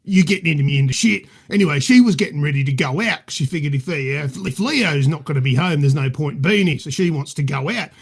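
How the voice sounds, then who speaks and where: A man's voice: a little high, expressive, quick pace, few pauses, husky. A man with an Australian accent playing a crude, boastful middle-aged bloke who rambles and swears as a podcast guest. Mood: cheeky. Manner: cheeky, rambling, swears freely. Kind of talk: improvised comedy character.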